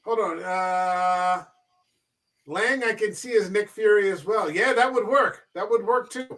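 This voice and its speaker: A man's voice: sits high, measured pace. A man hosting a casual film podcast, telling stories animatedly and swearing freely. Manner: animated, profane storyteller.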